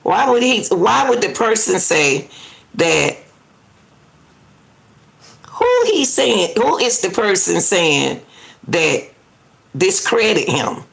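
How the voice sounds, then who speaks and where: This is a woman doing live reaction commentary, indignant and talkative. Her voice is gravelly and very lively in pitch, and her delivery is unhurried and drawn out. She keeps arguing back at the clip and turns to address her viewers. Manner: indignant, argues back at the clip, repeats herself.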